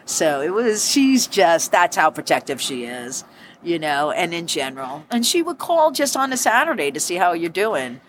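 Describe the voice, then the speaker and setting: A former bartender, this woman recounts stories during an interview at normal speed. She's animated, voicing the people she quotes with sudden sharp pitch leaps, and there's a little background noise.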